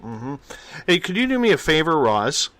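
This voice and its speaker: A man's voice: a little high, big pitch swings, normal speed, a bit bright, no room sound. A man hosting a late-night call-in radio show, greeting callers in an upbeat, friendly way.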